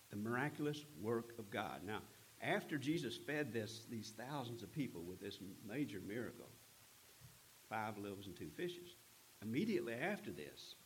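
A man preaching a sermon, retelling a scripture story in an earnest, unhurried way with frequent pauses. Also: on the low side, a little hiss or hum, poor audio. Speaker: pastor.

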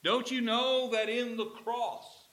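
A man's voice: extremely high pitch, flat delivery, takes it slowly, a bit bright, voice pushed up, full character voice. A man voicing Jesus as an earnest, emphatic teacher who coaxes and urges his followers. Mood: insistent. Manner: urgent, emphatic, coaxing.

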